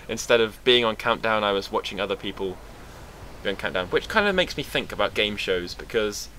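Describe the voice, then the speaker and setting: Bright-voiced young British man rambling. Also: lowish voice, animated, fairly quick, slight background noise. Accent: British English. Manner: rambling, sarcastic, swears freely. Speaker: vlogger. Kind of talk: casual rambling monologue.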